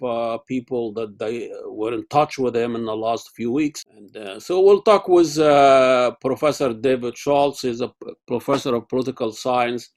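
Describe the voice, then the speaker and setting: A man hosting a casual interview over a video call, talking haltingly with many fillers and restarts. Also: mid-range voice, a little mellow. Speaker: interview host.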